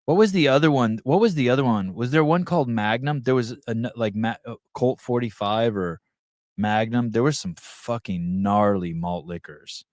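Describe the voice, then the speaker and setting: A man hosting a live podcast, chatting casually and reading the chat aloud, rambling and swearing as he thinks out loud. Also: mid-range voice, normal speed, dry recording, studio quality.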